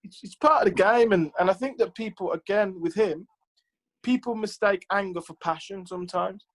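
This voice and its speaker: A chatty man recounting his football career as a guest in an interview. His voice sits a little high for a man, and he fills his talk with "like" and "you know" while he acts out other people's lines. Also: moderate pace, poor audio. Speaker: former professional footballer, guest. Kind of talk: casual interview storytelling.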